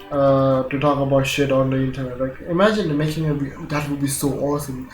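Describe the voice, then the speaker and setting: A young Indian man with a slightly high voice, rambling and laughing as he vlogs from home. He curses casually and jumps between jokes. The room is echoey, with faint music underneath. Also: fairly quick. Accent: Indian English with British-leaning vowels. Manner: laughs often, swears casually, jumpy joking asides. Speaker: gaming channel vlogger. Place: home room, recording near a window.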